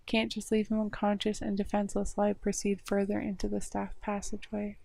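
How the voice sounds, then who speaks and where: A woman's voice: medium pitch, monotone, fairly quick, gravelly, dark tone, no room sound. A woman game streamer reading a visual novel aloud on a live stream, narrating with short offhand asides.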